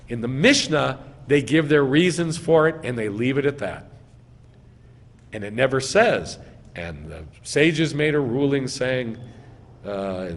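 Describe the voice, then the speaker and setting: A man, a rabbi giving a sermon, who quizzes his congregation and answers his own questions with emphatic stress. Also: on the high side. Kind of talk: sermon teaching. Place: synagogue sanctuary. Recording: long reverb in a hall.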